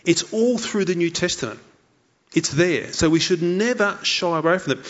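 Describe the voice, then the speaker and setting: A man's voice: high voice, animated, normal speed. A man preaching a sermon as pastor, emphatic and repeating key lines for effect. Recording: dull lo-fi sound.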